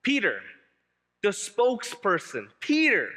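A male pastor delivering a lively, joking sermon and driving points home by repeating them. His voice is high and bright, with a long reverb tail from a large hall. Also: takes it slowly. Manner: animated, humorous, repeats key phrases.

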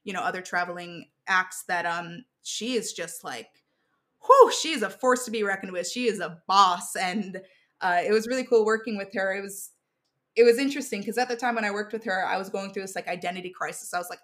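A young adult woman telling stories in a casual interview, talking in an animated way with lots of fillers and restarts. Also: mid-range voice, a little fast.

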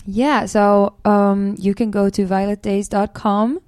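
A young woman musician with a European, American-leaning English accent, speaking as a guest in a relaxed way with lots of fillers and hedges. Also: mid-range voice, takes it slowly, clean tone, no echo, studio quality. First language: not English. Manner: relaxed, hedging, many fillers. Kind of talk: casual interview chat.

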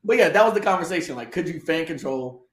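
A man's voice: on the high side, lively intonation, fast, fairly bright tone. Easygoing man in an echoey room. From Atlanta. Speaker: co-host. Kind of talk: casual live show chat. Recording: roomy echo.

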